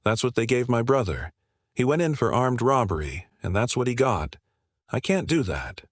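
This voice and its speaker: A man's voice: medium pitch, sing-song, moderate pace, no echo, studio quality. A desperate bank robber, as a man reads him out. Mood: defensive.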